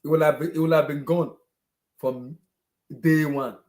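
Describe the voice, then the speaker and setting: A man's voice: fairly high pitch, steady tone, normal speed, darkish tone, echoey room. A man ranting as a furious football fan, exasperated and repeating himself over and over. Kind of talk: heated fan rant on a video hangout.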